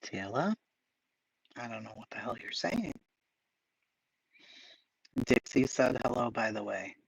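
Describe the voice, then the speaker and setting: A man's voice: mid-range voice, animated, slow, gravelly, slightly rough, dry recording. A man hosting a casual livestream, reading chat aloud with profane, sarcastic asides and mutters. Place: home, dogs barking nearby.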